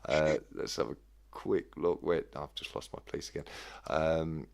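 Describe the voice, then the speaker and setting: A man hosting a casual live-stream chat, reading out viewer comments in a friendly, halting way with many restarts. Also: a bass voice, steady tone, vocal fry, a little mellow, clear, resonant tone. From United Kingdom. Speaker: livestream host.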